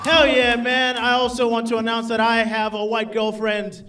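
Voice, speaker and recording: Male comic, high voice, crude and brash, heard from across a club over a loud crowd. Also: monotone, normal speed, music in the background. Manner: brash, crude, laughing at his own jokes. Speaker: stand-up comedian. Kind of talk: stand-up comedy set. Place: live comedy club. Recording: distant stage mic, loud crowd. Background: audience laughter.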